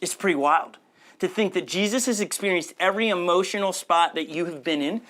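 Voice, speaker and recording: A middle-aged man preaching a sermon as pastor, conversational, with jokes and quick asides. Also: high voice, fairly bright tone.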